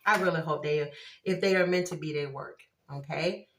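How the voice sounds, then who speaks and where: Excitable woman reading tarot cards aloud. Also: deep voice, normal speed. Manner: excitable, exclaims at cards, laughs often. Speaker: tarot reader. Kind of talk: casual tarot reading to viewers.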